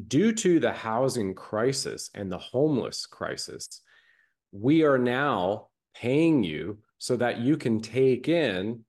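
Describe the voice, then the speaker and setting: A man's voice: medium pitch, a little mellow. Intense ranting male host. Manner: intense, rapid-fire ranting. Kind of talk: casual chat.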